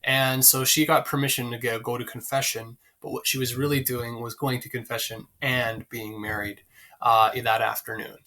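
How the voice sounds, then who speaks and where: A man teaching a play in a casual, conversational way, pausing often with fillers as he looks for lines. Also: mid-range voice, little pitch movement, sharp tone. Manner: conversational, many fillers, pauses to find lines. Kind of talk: explaining a play to students, casual.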